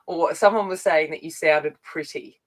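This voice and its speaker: Co-hosting a casual livestream chat, an Australian woman from a country town talks in halting restarts and laughs often. Her voice sits low, and the recording is rough.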